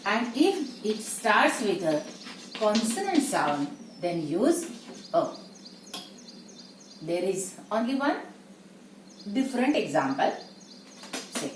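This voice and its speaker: A woman teaching a grammar lesson, who explains slowly and checks in with her listeners. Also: medium pitch, big pitch swings. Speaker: English teacher. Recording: echoey room, distant mic, faint noise.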